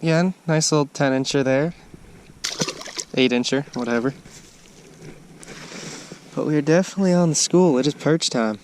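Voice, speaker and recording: An excitable man talking casually to the camera, outdoors on a frozen lake, with a faint outdoor hush behind him. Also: fairly high pitch, normal speed, pauses often, a little hiss or hum. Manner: excitable, exclaims loudly when he lands a fish. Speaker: angler filming his fishing trip. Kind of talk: casual running commentary.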